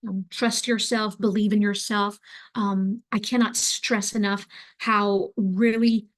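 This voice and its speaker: A woman's voice: medium pitch, takes it slowly. Chatty woman teaching a craft class. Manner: relaxed, chatty, many fillers like "like" and "um". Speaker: craft instructor. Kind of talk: online class demonstration.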